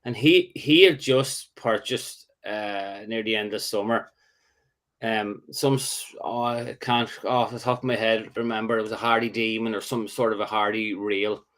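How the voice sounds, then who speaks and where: A man telling a fishing story in a casual, rambling chat, halting and restarting, then getting animated as the story builds. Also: fairly low pitch. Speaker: angler host.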